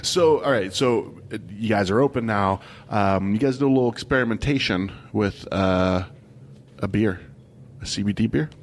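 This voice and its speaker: A man with a somewhat low voice hosts a relaxed interview, steering with short questions and teasing asides. Faint background noise sits under the voice. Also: normal speed. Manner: short reactions, teasing follow-ups. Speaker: podcast host. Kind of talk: casual interview.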